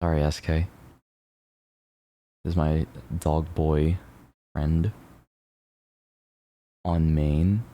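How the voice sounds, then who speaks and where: A man streaming casually, reacting to viewers' posts in an excitable, sweary way. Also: very deep voice, very slow, pauses often, no echo. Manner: excitable, swears freely, jumps between mumbling and loud outbursts.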